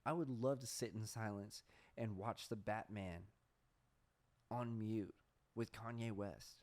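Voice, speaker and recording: Sarcastic deadpan man, low voice. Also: slow. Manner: deadpan sarcastic, profane, says "bro" a lot. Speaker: podcast host. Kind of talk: casual comedic monologue.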